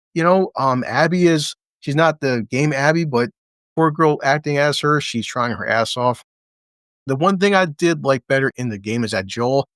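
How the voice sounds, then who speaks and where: A man's voice: mid-range voice, a bit bright, dry recording. Male reviewer, mid-range voice, dry close sound, casual and foul-mouthed. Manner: blunt, swears a lot, re-enacts scenes in quoted voices. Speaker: TV episode reviewer. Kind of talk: casual profane reaction commentary.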